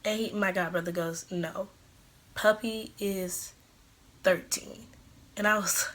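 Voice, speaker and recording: A woman's voice: mid-range voice, steady tone, takes it slowly, a bit bright. A woman of about twenty-one, telling a storytime vlog and acting out the quoted lines. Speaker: vlogger.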